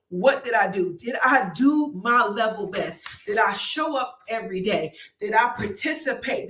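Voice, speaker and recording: A woman running a live online show delivers an energetic, chatty motivational talk, regularly turning to her audience with "y'all" and "right?". Her slightly high voice sounds roomy and far from the mic.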